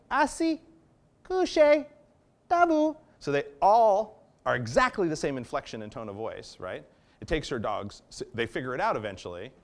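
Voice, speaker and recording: A man, a dog trainer, giving a conversational workshop talk, explaining and often checking in with his listeners. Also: mid-range voice. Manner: acts out commands in varied tones. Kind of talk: workshop lecture.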